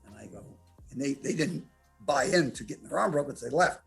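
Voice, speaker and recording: A man's voice: medium pitch, a little fast, faint music behind. A man in his eighties telling brash, profane stories as a podcast interview guest. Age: 80s. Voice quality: gravelly, husky voice. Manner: brash, profane, animated storyteller. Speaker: interview guest, martial artist.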